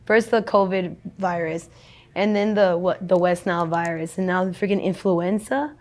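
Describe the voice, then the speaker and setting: A woman's voice: fairly low pitch, steady tone, normal speed, a little mellow. A young adult woman in a casual street interview, talking in a rambling, slangy, profane way.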